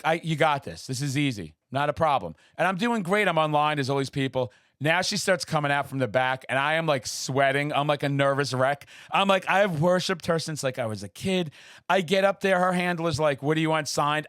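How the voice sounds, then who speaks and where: Male podcast host, animated storyteller, slightly high voice, dry sound. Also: dry recording. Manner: excitable storyteller, acts out quotes in high voices. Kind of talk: casual interview chat.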